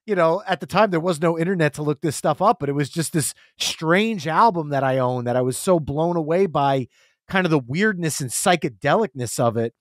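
A man in his forties chats as a podcast guest with a slightly high voice, spinning animated stories and playing out the lines of the people in them. The sound is dry and close, with no room around it. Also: brisk, dry recording. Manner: animated storyteller, acts out quotes. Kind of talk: casual storytelling.

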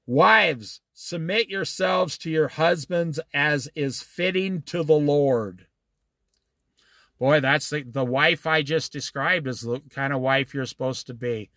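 A man's voice: a little high, takes it slowly, fairly bright tone, dry recording, studio quality. A man giving a blunt, informal Bible study sermon and acting out husbands and wives in quoted asides. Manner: blunt, preachy, acts out quoted spouses.

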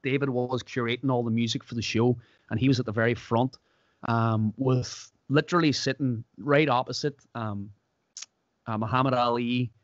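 A man's voice: mid-range voice, moderate pace, no room sound, highs cut off. An Irish man hosting a podcast, chatting casually and acting out the people in his stories. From Ireland. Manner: animated storyteller, acts out quotes. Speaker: podcast host. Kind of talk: casual chat.

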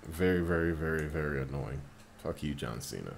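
A man casually commentating his mobile game as he plays, getting excited and swearing at the game when it annoys him. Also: rumbling low, brisk, gravelly, slight background noise. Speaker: mobile game player narrating gameplay.

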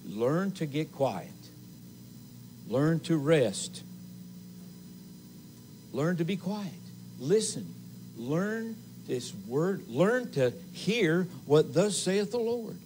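A man preaching a sermon as assistant pastor in a church, slow and emphatic, with repeated phrases and pauses. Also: a little high, big pitch swings, a little mellow, a little hiss or hum, low-quality recording. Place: church sanctuary.

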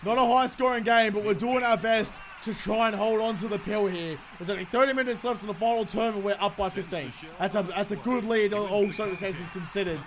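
A young man giving excited, sweary gameplay commentary, swinging between shouts and mutters. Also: high-pitched, a little fast, hardly any pauses. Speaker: gaming YouTuber.

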